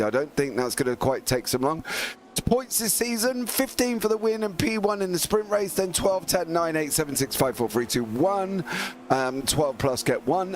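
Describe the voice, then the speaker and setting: A man's voice: mid-range voice, noisy background. A man commentating a sim racing league broadcast, chatty and upbeat, greeting viewers from the chat. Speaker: lead commentator.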